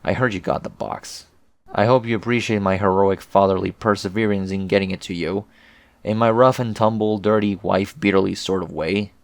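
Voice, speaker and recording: A man's voice: on the low side, fairly even intonation, a little fast, no room sound, natural voice. A man voicing a sardonic teenage boy in an online chat, rambling and crude. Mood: snarky. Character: snarky deadpan teenage boy chatting online.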